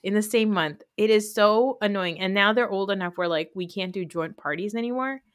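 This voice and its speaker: A woman's voice: mid-range voice, fairly quick, dry recording, clean studio sound. A woman in her thirties with a New Jersey accent, hosting a podcast in casual, rambling chat full of fillers. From United States. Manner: rambling, chatty, many fillers. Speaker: podcast host.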